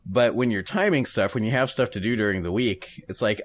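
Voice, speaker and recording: A man's voice: lowish voice, brisk. A married man co-hosting a podcast, chatting casually, laughing often and swearing freely. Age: adult, married. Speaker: podcast co-host. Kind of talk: casual rambling chat.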